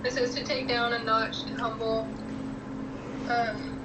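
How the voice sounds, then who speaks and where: A woman's voice: on the high side, flat delivery, a little slow. A woman in casual chat, mostly giving short agreeing murmurs. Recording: distant voice with loud background noise.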